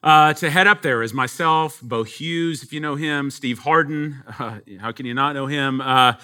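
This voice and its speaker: A man's voice: medium pitch, moderate pace, pushed and bright, clean tone. A man from Texas, a pastor, telling a story in a sermon, chatty with many fillers.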